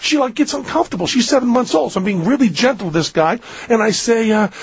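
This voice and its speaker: Animated, raspy radio storyteller man. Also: fast talker, hardly any pauses, no room sound. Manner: animated storyteller, jumps into a high squeaky voice for his own lines. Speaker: radio show host.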